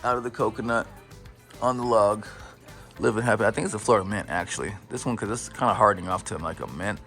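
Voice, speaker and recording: Gravelly playful man touring his plants. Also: on the low side, fast, fairly bright tone, soft background music. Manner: playful, hyped, slangy, breaks into silly voices. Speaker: plant collector showing his collection. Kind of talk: casual plant tour vlog.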